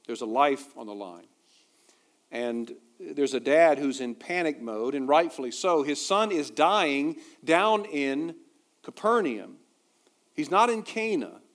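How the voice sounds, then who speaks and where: A man preaching a sermon as a pastor, conversational and quick to toss in humorous asides. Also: fairly high pitch, animated.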